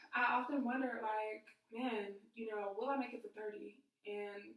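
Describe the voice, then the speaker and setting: A woman's voice: a little high, steady tone, measured pace, fairly bright tone, distant mic. Emotional young woman in echoey room. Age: 20s. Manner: candid, emotional, many fillers. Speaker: YouTube vlogger. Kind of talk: personal storytelling vlog.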